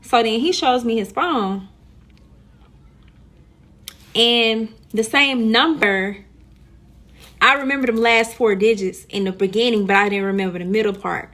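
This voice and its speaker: Young woman telling a story to the camera, kinda high voice, animated, lots of slang. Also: a little slow, pauses often. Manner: animated, slangy, talks straight to viewers. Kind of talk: casual storytime chat.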